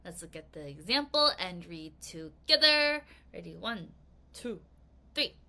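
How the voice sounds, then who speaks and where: A woman teaching an English vocabulary lesson to children, reading aloud with bouncy, expressive emphasis. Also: fairly low pitch, a little slow.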